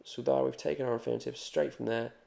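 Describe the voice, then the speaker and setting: Gravelly, dark-voiced male Spanish tutor. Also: mid-range voice, steady tone. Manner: jokey, reassuring, repeats examples slowly. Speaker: Spanish teacher. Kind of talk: explaining grammar on a video lesson.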